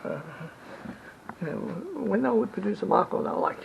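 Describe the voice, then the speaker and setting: A man with a high, heavily gravelly voice rambles through travel tips, circling back and restarting his sentences. The recording is dull and lo-fi, with a faint rumble underneath. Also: animated, normal speed. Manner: rambling, repeats himself, self-corrects. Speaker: travel vlogger. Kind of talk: rambling travel advice monologue.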